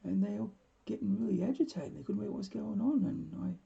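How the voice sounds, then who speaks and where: A man in his forties hosting a live painting stream, chatting casually and rambling with chuckles, often trailing off into quiet mumbles. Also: sits high, fast, gravelly, highs cut off. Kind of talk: casual chat while painting.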